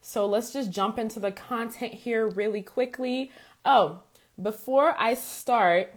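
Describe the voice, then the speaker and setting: A woman hosts a live stream in a relaxed, chatty way, her voice raspy from a sore throat. She keeps greeting viewers by name and checks in with "okay?" as she talks. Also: on the high side, slow. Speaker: faith and life coach, live-stream host. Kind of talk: casual live-stream talk.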